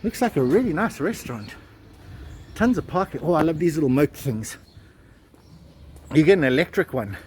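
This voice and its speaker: A man's voice: fairly high pitch, animated, moderate pace, long pauses, darkish tone. Chatty man vlogging on a busy street. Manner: chatty, rambling asides. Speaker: travel vlogger. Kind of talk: casual walking vlog and storytelling. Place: town street outdoors. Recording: outdoor street with passing cars. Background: traffic.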